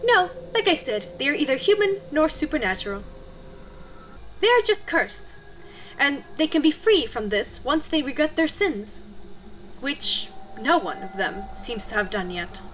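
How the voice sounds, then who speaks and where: A woman voicing a gentle, sorrowful male wizard gatekeeper with a soft, resigned, consoling way of talking, read aloud from a game. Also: sits high, big pitch swings, measured pace, muffled recording, slight background noise, exaggerated voice. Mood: gentle, sad.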